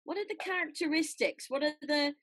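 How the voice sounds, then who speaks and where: A woman's voice: high-pitched, brisk, a bit bright. A woman eagerly asking questions in a casual conversation. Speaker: interviewer.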